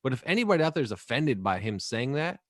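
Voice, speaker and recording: A man's voice: medium pitch, very animated, fast, dry recording, studio quality. A man in his thirties co-hosting a podcast in casual chat, rambling and swearing freely. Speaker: podcast co-host.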